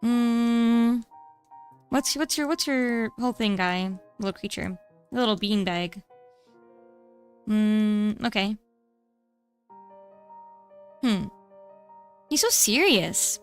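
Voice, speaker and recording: A woman's voice: medium pitch, slow pace, long pauses, clear, resonant tone, soft background music. A young adult woman streamer chatting casually while drawing, rambling with many fillers and restarts.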